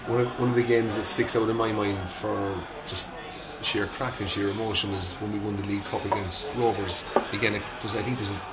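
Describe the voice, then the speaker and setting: A man's voice: lowish voice, steady tone, brisk, hardly any pauses, echoey room, a crowd in the background, poor audio. A man, a football supporter reminiscing fondly about an old match. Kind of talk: reminiscing chat. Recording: background noise.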